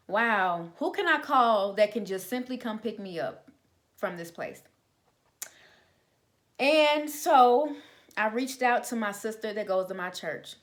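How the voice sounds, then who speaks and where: A woman's voice: mid-range voice, fairly bright tone. A young adult woman telling a personal faith testimony in an informal, conversational way, with plenty of fillers. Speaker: vlogger sharing a testimony.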